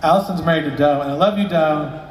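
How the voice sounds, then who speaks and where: A man's voice: fairly high pitch, fast talker. Rambling, profane storyteller man. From Southern US. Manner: rambling, profane, joking asides. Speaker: storyteller, luthier. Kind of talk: casual live storytelling. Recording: echoey hall, distant mic, faint ambience.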